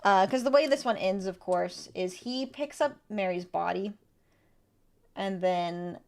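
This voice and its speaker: A woman streamer giving casual, animated gameplay commentary with quick asides and laughter. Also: medium pitch.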